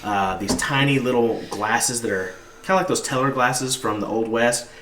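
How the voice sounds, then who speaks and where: A man's voice: medium pitch, normal speed, fairly bright tone. A man narrating as game master in a tabletop game, describing scenes loosely with many fillers. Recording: roomy, distant mic, background noise.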